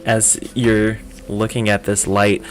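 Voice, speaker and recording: A man's voice: lowish voice, flat delivery, takes it slowly, over music. A man narrating a tabletop game as game master, casual and full of fillers.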